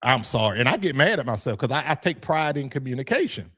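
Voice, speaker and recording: A man hosting a youth football podcast, talking casually in an animated, joking way, laughing often and swearing freely. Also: mid-range voice, fast talker, breathy edge. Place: room with his degree on the wall.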